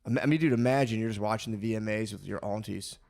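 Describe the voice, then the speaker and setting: A man's voice: fairly low pitch, quick pace, gravelly, a little mellow. A man in his thirties co-hosting a comedy podcast, telling rambling, profane stories in casual chat. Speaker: podcast co-host.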